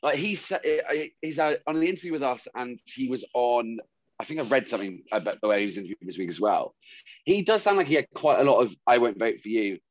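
A man's voice: medium pitch, sing-song, fast talker, dry recording, highs cut off. A man co-hosting a casual podcast, chatty and opinionated, laughing often. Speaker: podcast co-host.

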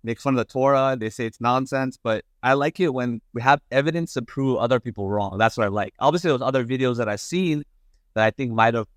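A young man from Los Angeles, a podcast guest telling his story casually, halting with lots of fillers. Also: medium pitch, no echo, studio quality. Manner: halting, many fillers and restarts.

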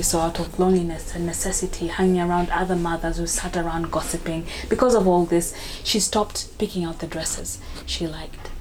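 A woman performing spoken word poetry in a measured, hushed and steady way. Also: lowish voice, background noise.

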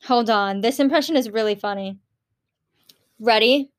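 A woman's voice: on the high side, normal speed. A young woman chatting casually to her viewers, rambling and swearing with giggles. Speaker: vlogger. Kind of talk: casual chat.

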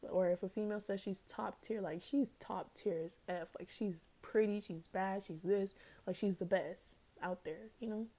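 A woman's voice: mid-range voice, steady tone, normal speed, few pauses, dark tone. A young woman hosting her own podcast, chatting casually and rambling with lots of slang and "like". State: out of breath. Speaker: podcast host. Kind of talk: casual solo podcast chat.

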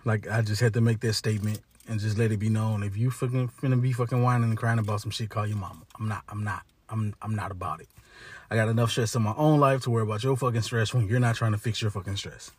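A man's voice: fairly low pitch, fairly even intonation, fast talker, breathy edge, dry recording. A man ranting in a casual, blunt monologue, cursing heavily and talking in slang, with lots of restarts. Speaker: monologue speaker. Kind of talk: profane casual rant.

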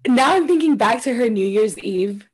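A young woman with a slightly high, breathy voice chats loosely on a podcast. She swears freely and laughs often as she talks. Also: animated, moderate pace. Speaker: podcast co-host. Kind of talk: casual chat.

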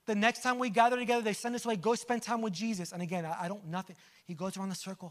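High-voiced man preaching a lively sermon. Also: rapid-fire. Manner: conversational preaching with humorous asides and audience questions. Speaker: pastor.

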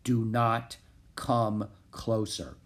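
A man voicing a sad, wary stallion whose thoughts come in slow, few words. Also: lowish voice, steady tone. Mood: solemn. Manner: slow, sparse, heavy words.

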